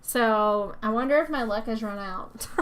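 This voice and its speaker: A woman's voice: on the high side, takes it slowly, fairly bright tone. A woman hosting her gaming channel, giving casual let's-play commentary, chatty and prone to laughing as she coaxes her game characters along.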